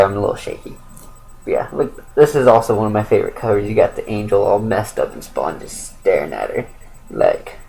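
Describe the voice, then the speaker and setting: A man's voice: fairly low pitch, a little mellow, a little hiss or hum, low-quality recording. A young man giving a casual, rambling spoken review of a comic book, with lots of fillers and self-corrections.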